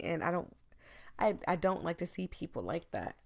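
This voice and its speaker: A woman reading a story game aloud and chatting through her reactions in an expressive, talkative way. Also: lowish voice, creaky. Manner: expressive, chatty, with quick asides. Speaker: game streamer.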